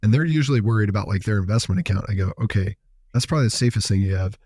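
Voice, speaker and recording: A man's voice: lowish voice, lively intonation, racing, a little mellow, breathy edge, dry recording, clean studio sound. A man co-hosting a podcast, telling stories and acting out both sides of conversations. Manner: storytelling, acts out dialogue. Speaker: podcast co-host. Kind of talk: casual podcast chat.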